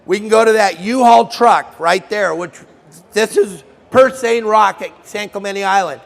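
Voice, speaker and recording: A man's voice: sits high, a little slow, gravelly. A middle-aged man giving a live fishing seminar, joking with and quizzing the audience by name. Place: trade show hall. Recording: long hall reverb.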